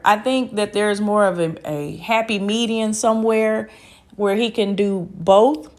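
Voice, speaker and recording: A woman speaking at a medium pitch, hosting her own channel. She comments calmly and reflectively, with an encouraging tone. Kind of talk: commentary to camera.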